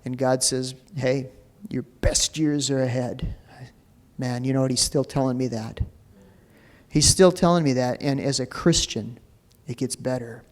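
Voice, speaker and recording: A man's voice: mid-range voice, steady tone, unhurried. A man preaching a sermon as pastor, talking in a loose, conversational way full of fillers. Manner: conversational preaching with many "you know" fillers. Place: church sanctuary. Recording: long reverb of a church hall.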